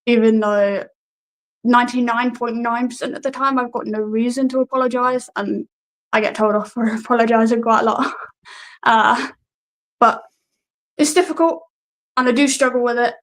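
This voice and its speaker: A wrestler, talking in a casual, hesitant way and often laughing at herself. Her voice sits a little high for a woman. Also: steady tone, moderate pace, long pauses, rough recording. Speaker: guest wrestler. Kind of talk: casual interview answers.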